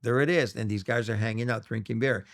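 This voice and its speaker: A man's voice: medium pitch, quick pace, creaky. A middle-aged man from Los Angeles, telling stories as an interview guest and acting out the voices of people he quotes. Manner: animated storyteller, acts out quoted voices. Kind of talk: storytelling interview.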